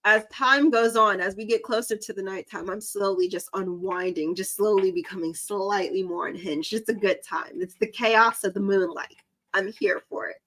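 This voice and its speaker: A woman's voice: medium pitch, sharp tone, rough recording. A young woman with a light Southern drawl, chatting and giggling as she gives tarot readings on a live stream. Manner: chatty, giggly, self-deprecating. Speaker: psychic reader.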